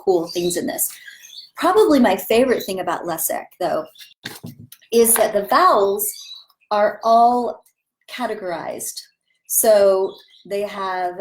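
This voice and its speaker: A woman's voice: medium pitch, a little mellow, rough recording. A woman acting teacher talking casually and with enthusiasm about voice training, demonstrating vowel sounds as she goes.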